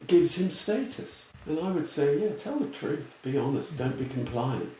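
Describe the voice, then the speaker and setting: A man's voice: on the high side, lively intonation, moderate pace, mellow. An English man who is a guest on an interview podcast, telling stories bluntly and with animation, often laughing. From England. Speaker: guest, retail futurist. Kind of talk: casual storytelling interview. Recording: echoey room with faint background noise.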